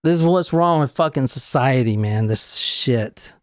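A man's voice: a little high, animated, moderate pace, darkish tone, dry recording. A man hosting a podcast, ranting heatedly and swearing freely in a casual chat, speaking into a studio mic. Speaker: podcast host.

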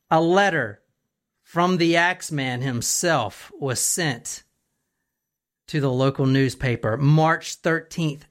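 Animated woman telling a crime story. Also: deep voice. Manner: animated storyteller, building suspense. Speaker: podcast co-host. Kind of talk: casual true crime chat.

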